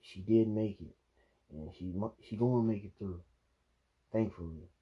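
A man's voice: lowish voice, moderate pace, husky. A man angrily reacting to news clips, swearing and ranting in a dull lo-fi recording. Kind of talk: profane reaction commentary.

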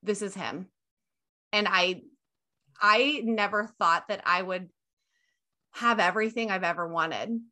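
A woman's voice: medium pitch, unhurried, long pauses, pushed and bright. A young woman hosting a podcast in casual chat, gushing and emphatic and swearing freely. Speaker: podcast host.

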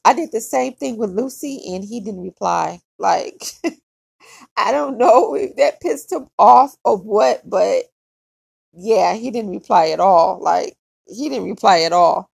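A woman hosting a casual solo podcast, chatty and repetitive, with plenty of vocal fry. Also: mid-range voice, slow, darkish tone, no room sound, clean studio sound. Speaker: podcast host.

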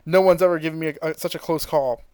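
A gloating male alien tyrant, cruel and smug, mocking his foes in a raised voice, as a man acts him out while retelling a cartoon fight. The voice sits a touch high and smooth, recorded dry and close with no room sound. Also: fairly even intonation, racing, a little mellow, no echo, lightly acted.

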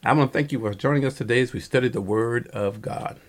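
A man preaching a Bible-study sermon as pastor, with a halting delivery full of fillers and self-corrections, growing earnest when he urges his listeners on. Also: medium pitch. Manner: earnest, rising emphasis on exhortations.

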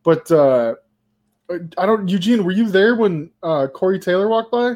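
A man's voice: high-pitched, lively intonation, normal speed, darkish tone. A man co-hosting a podcast, telling loose anecdotes in casual chat with plenty of swearing. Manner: loose, profane storyteller. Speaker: podcast co-host.

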